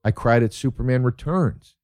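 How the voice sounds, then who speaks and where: A man's voice: mid-range voice, moderate pace, a little mellow, no room sound, studio quality. A man telling rambling, profane stories in a casual monologue, easily worked up about the things he loves.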